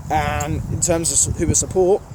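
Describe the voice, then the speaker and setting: A man's voice: fairly high pitch, fairly even intonation, normal speed. A man with a strong Birmingham accent answering viewer questions in a casual vlog, blunt and rambling with plenty of fillers, recorded outdoors at a railway station. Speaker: trainspotting channel host. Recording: outdoor background noise.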